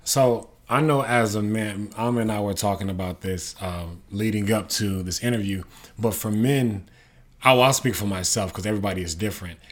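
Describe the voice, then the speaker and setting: A man's voice: fairly low pitch, moderate pace. A man co-hosting a podcast, chatting casually and joking about himself. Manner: joking, self-teasing, chatty. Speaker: podcast co-host.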